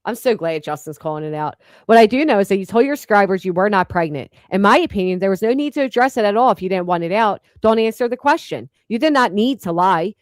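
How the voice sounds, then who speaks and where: A woman hosting a casual commentary chat, blunt and profane, mocking people with quick impressions. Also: mid-range voice, no echo, clean studio sound. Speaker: host.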